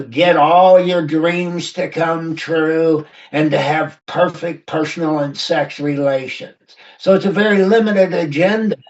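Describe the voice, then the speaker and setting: An older man reflects on recovery in a thoughtful, musing way, with a touch of self-deprecation. His voice is a little high. It comes through distant and dull, as if over a remote call. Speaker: podcast guest. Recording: distant, muffled remote audio.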